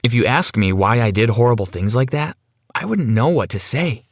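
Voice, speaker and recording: A man's voice: medium pitch, animated, moderate pace, no room sound, studio quality. A young man narrating a first-person story in a dramatic, self-questioning way.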